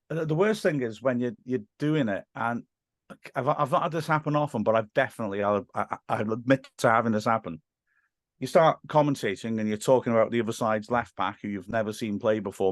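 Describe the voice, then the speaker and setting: A man's voice: mid-range voice, dry recording, clean studio sound. A man who commentates on football, telling self-deprecating stories in a casual podcast chat and laughing often. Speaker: English teacher.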